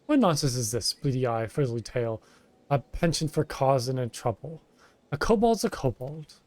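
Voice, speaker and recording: A man's voice: medium pitch, animated, normal speed, a little mellow, dry recording, lightly acted. A man playing a curt stern commander. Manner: curt, scolding old-sailor dialect.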